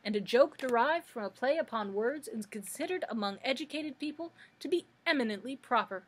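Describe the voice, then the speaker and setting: A woman's voice: fairly high pitch, expressive, a little fast, slightly rough. A woman voicing a pompous, learned giant male insect with a wordy, formal manner in a storybook reading. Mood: lecturing.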